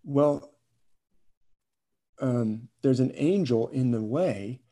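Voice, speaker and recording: A man's voice: mid-range voice, lively intonation, very slow, warm tone. A man voicing a weary female donkey who complains plainly about being beaten. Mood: plaintive. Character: weary female donkey, put-upon and reasonable.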